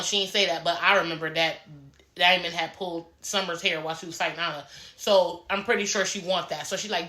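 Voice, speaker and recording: A woman, casually recapping a reality show in a blunt, profane, animated way and acting out the cast members' lines. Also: on the low side, brisk, reverberant.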